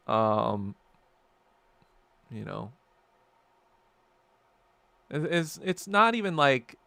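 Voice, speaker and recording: A man hosting his own podcast in a solo rant, profane and heated, swinging between loud outbursts and low muttering. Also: clear, resonant tone, no room sound. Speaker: podcast host. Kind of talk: solo ranting monologue.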